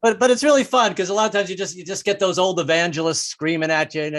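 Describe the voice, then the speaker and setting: A man's voice: high voice, fast talker, few pauses, a bit bright. A man doing a stand-up comedy set who stammers and repeats words, now and then putting on mock voices.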